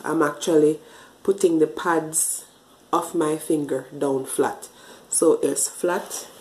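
In casual tutorial talk to the camera, a woman walks through her hair-washing routine step by step, chatty and slightly breathless as she washes. She has a low, warm voice, captured in poor audio with a roomy sound.

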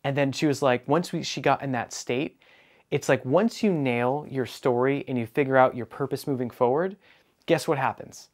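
A man's voice: mid-range voice, normal speed. A man who is a business coach, telling a client story with energy and acting out bits of quoted dialogue. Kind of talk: storytelling monologue.

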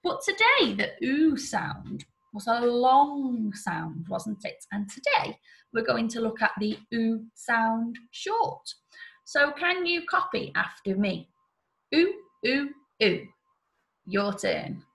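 Slow, gravelly teacher woman with an English accent. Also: fairly high pitch, animated, fairly bright tone. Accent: regional English. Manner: encouraging call-and-response teaching. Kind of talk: phonics lesson for young children.

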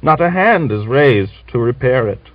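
A man's voice: medium pitch, expressive, measured pace, dry recording, voice pushed up, lightly acted. A man voicing a grieving old peasant woman who wails and laments, from an old lo-fi recording. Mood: lamenting. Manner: wailing, lamenting.

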